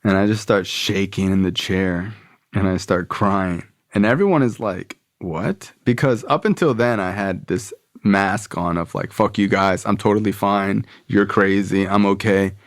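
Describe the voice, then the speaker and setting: Gravelly low-voiced man telling his story. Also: no echo, studio quality. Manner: candid, profane, full of "like" and "you know". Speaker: podcast guest. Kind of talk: personal storytelling.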